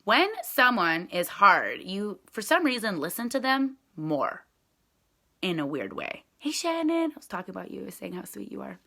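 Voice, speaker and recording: A woman's voice: mid-range voice, sing-song, moderate pace, vocal fry, pushed and bright. A woman who leads a direct sales team, chatting casually and in a rambling way with viewers on a live stream.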